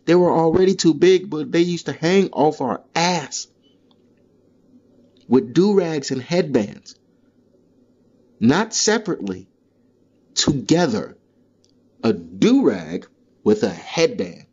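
Dude doing a cussing comedy podcast rant, kinda muffled lo-fi audio. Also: male voice, a little high, takes it slowly, pauses often. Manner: profane, animated ranting. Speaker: podcast host. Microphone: solo podcast mic.

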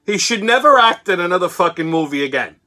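A man's voice: high-pitched, animated, quick pace, pushed and bright. A man hosting his show, ranting bluntly and crudely about a movie with constant swearing. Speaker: show host. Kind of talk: profane movie rant.

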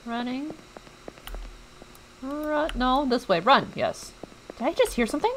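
A woman's voice: high voice, big pitch swings, unhurried, a little hiss or hum, poor audio. A young woman streaming a game, chatting to her viewers and reacting jumpily as she plays. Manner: chatty, jumpy, talks to viewers while playing. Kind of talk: let's play commentary.

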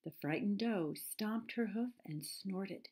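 A woman reading a children's storybook aloud in gentle, measured narration. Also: mid-range voice, slightly rough.

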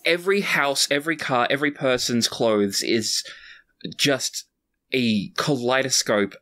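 A woman on a casual film podcast, talking in an excitable, expressive way. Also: very deep voice, a little slow.

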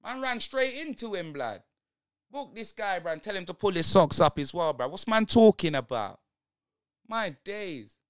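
A man's voice: sits high, moderate pace. A young man with a London accent, streaming a live football watch-along and reacting to the match in heavy slang. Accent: London multicultural English. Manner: slangy, animated, exclaiming at the match.

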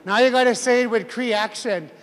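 A man's voice: very high-pitched, fairly quick. A man teaching a language class who leads a group through a spoken drill, chuckles often and keeps urging them to speak up. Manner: encouraging, chuckling, calls for more volume. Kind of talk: leading a group drill of a greeting. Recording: long hall reverb.

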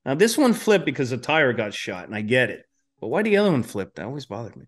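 A man hosting a casual podcast chat, relaxed and profane and enthusiastic about film. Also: mid-range voice, fast. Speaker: podcast host.

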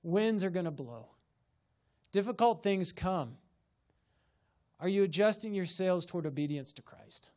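Pastor, male, fairly high voice, preaching with rhetorical questions and building emphasis. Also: lively intonation, unhurried, long pauses, a little mellow. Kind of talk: sermon. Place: church sanctuary.

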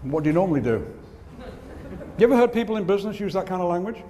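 In a reverberant conference hall with faint ambience, a man gives a comic business keynote, landing jokes and punchlines. He speaks quickly and very animatedly in a high, warm voice, with a little hiss or hum on the recording.

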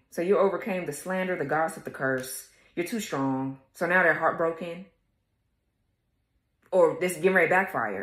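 A woman with a low-pitched voice gives her viewers a casual tarot reading, her sound roomy. She's blunt, sassy and swears constantly, talking straight to the audience and laughing now and then.

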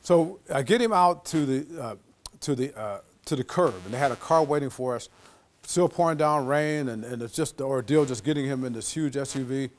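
A man giving a lecture as an animated storyteller, acting out the voices of the people in his anecdote. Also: mid-range voice, moderate pace, slight background noise. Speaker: guest lecturer.

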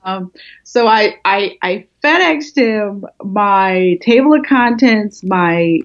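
A woman's voice: medium pitch, slow pace. A woman guest, a small business expert, telling her story in a casual interview and acting out what people said. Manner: animated storyteller acting out quotes. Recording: muffled lo-fi audio.

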